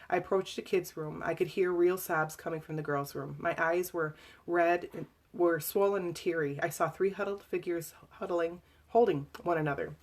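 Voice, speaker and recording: A woman reading aloud from her own memoir to a live audience, emotional and halting, with fillers and restarts. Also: fairly low pitch.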